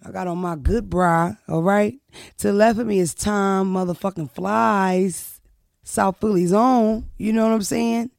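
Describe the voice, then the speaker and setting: A woman comedian from Philadelphia hosting her podcast, with loud, profane, animated banter. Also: mid-range voice, normal speed, creaky, no echo, studio quality. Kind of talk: casual podcast chat.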